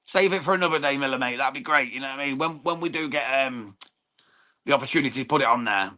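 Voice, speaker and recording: Here a man from England speaks quickly in a sharp-toned, mid-range voice. As host of a boxing watchalong stream, he chats loosely with his audience, drops "mate" constantly, swears freely, and remarks on the bout.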